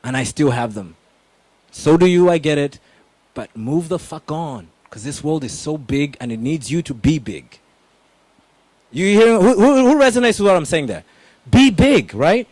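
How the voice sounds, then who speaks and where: A young man speaking as a motivational coach, his voice sitting fairly high for a man. He talks with lots of energy and punchy emphasis, throwing questions straight at the crowd. The sound is dry and close, with little room around it. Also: moderate pace, dry recording. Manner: energetic, emphatic, addresses audience directly. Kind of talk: motivational talk.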